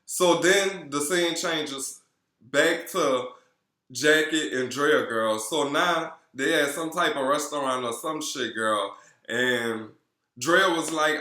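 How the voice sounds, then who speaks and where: Recap vlogger, male, New Orleans accent; sassy and animated, a touch high-pitched, in an echoey room. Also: measured pace. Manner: sassy, animated, swears constantly, calls viewers girl. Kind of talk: casual profane gossip recap. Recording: roomy echo.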